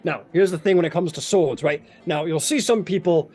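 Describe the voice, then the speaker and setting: Hearty knight swordmaster, boastful and jovial, slightly raised voice, a game master putting him on. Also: male voice, on the high side, a little fast, mellow.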